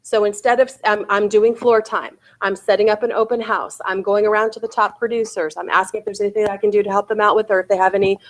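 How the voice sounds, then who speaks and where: A woman's voice: medium pitch, fairly even intonation, fast, hardly any pauses. A woman in her forties giving a real estate sales bootcamp talk, often asking her audience "right?" and "okay?".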